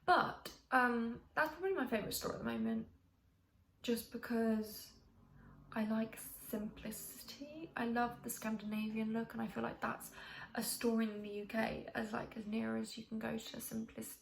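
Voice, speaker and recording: A young woman from the UK chats to her camera in a roomy home space, wandering through her answers with plenty of ums and false starts. Her voice sits a touch high with a gravelly fry, and a faint hiss runs under the echo. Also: fairly even intonation, moderate pace. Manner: chatty and rambling, many ums and restarts. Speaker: vlogger. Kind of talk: casual chat to camera. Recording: echoey room, faint hiss.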